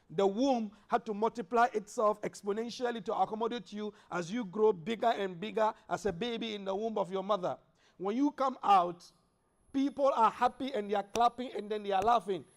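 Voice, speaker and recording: Brief: male preacher with a high-pitched voice, mosque sermon, builds emphasis and recites Arabic. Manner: preaches with rising emphasis and quoted Arabic verses. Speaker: imam.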